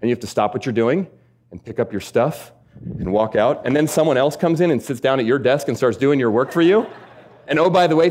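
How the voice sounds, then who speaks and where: A male speaker gives a motivational talk, moving through stories at a quick clip. He keeps the audience involved with rhetorical questions and a conversational manner. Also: medium pitch. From United States. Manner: lively storytelling with rhetorical questions. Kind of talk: keynote talk.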